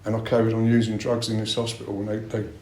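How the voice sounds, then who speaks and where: A man's voice: on the low side, monotone, fast talker, a little mellow, a little hiss or hum. A middle-aged man giving a blunt personal share at a recovery meeting, swearing a lot as he talks. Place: meeting room. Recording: roomy meeting-room echo.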